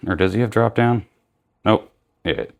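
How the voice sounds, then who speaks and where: A man's voice: fairly low pitch, creaky. A young man giving casual, rambling commentary while unboxing and reviewing action figures, often correcting himself mid-sentence.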